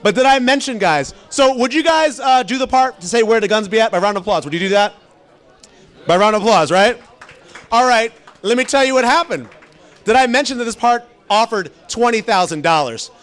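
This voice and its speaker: Guy doing standup, pretty high voice, rambly and animated, talks to the crowd a lot. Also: fairly quick. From immigrant background. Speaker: stand-up comedian. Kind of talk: stand-up comedy set.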